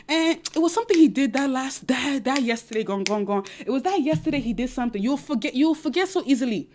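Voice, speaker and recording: A young woman with a high voice and a non-American English accent, chatting casually to viewers about dating. She talks in an animated, repetitive way and often slips into quoted voices. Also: fast, few pauses. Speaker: dating advice vlogger. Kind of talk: casual advice chat to viewers.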